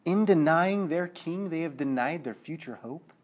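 Animated male preacher. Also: a little high, normal speed. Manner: animated, acts out quotes, checks in with listeners. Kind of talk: sermon.

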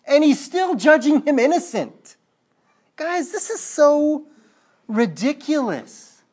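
A man preaching a sermon, animated, acting out quotes and checking in with his listeners, dropping low and quiet at the sad points. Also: slow pace.

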